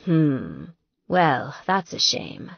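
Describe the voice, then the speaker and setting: A woman playing a smooth, coaxing young man. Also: low-pitched, sing-song, drawn-out words, no echo, lo-fi sound, voice pushed down, heavily acted.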